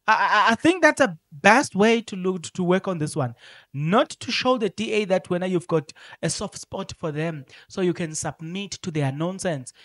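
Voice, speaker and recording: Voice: mid-range voice, lively intonation, moderate pace, no room sound. Fired-up South African commentator hammering points home, close and dry on the mic. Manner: emphatic, repetitive, switching into isiZulu. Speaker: political commentator. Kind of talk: unscripted commentary monologue.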